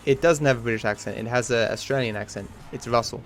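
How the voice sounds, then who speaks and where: A man livestreaming a speedrun while reading and answering his chat, with plenty of swearing. He grumbles at bad luck and pokes fun at himself. His voice sits in an ordinary middle pitch, with faint music underneath. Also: fast. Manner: swears often, talks to chat between attempts; easily frustrated, self-mocking. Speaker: speedrunning streamer. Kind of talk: live gameplay commentary.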